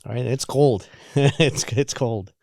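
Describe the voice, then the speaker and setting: A man in his forties telling his own recovery story in a halting, candid way, often repeating words and restarting. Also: mid-range voice, vocal fry, darkish tone, dry recording, studio quality. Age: 40s. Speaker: guest sharing recovery story.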